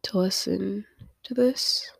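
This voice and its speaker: A young woman hosts a solo podcast and talks slowly through tears, her voice of middling pitch. She keeps restarting her sentences and slips into near-whispers. The sound is close and dry. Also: gravelly, slightly rough, no room sound. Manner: tearful, halting, many fillers, often drops to a whisper. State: crying. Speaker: podcast host. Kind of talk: personal confessional monologue.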